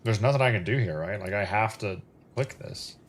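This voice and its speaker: A man streaming a video game live, chatting casually and talking to himself as he plays, with an occasional excited curse. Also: on the low side, normal speed. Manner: casual, chatty, talks to himself while playing. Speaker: gaming streamer. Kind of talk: live gameplay commentary.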